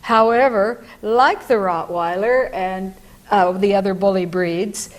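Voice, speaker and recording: A woman who trains dogs, talking as a guest on a local talk show, explaining in a lively way and laughing easily. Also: medium pitch, a little slow.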